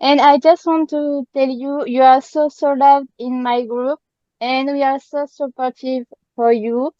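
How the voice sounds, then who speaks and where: High-voiced French-accented woman, halting. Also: little pitch movement, warm tone, dry recording, dull audio. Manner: halting, searching for words, apologetic. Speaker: fan asking a question. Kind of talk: casual chat. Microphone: video call.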